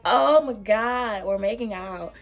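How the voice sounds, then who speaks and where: Young woman telling a story, laughing. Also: medium pitch. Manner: animated, laughing, profane, drawn-out storytelling. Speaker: beauty vlogger. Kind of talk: casual storytelling while doing makeup.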